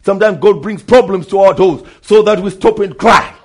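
Male preacher, high and husky; emphatic sermon, repeats lines, swings between low asides and shouts. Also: moderate pace. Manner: emphatic, repeats phrases, calls out to brother and sister.

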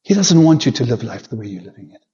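Male preacher, mellow voice, fervent altar-call delivery swinging loud to hushed; muffled lo-fi sound. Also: medium pitch, big pitch swings, fast, husky. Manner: fervent, swings between loud pleading climbs and soft hushed prayer. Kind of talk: sermon with altar call and prayer.

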